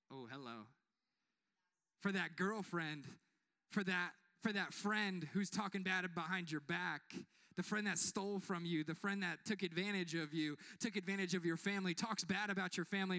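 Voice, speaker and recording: A man's voice: high-pitched, moderate pace, bright, forceful tone. A young man giving a conversational, joking sermon as a pastor, often asking the congregation to respond. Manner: conversational, joking, asks the crowd for amens.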